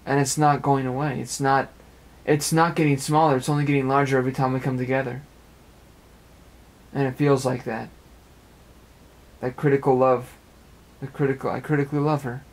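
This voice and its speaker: An earnest young man talks on and on in a rambling personal monologue for amateur web radio, recorded in his apartment and full of repeated phrases. His mid-range voice is level, moderately paced, and he pauses often.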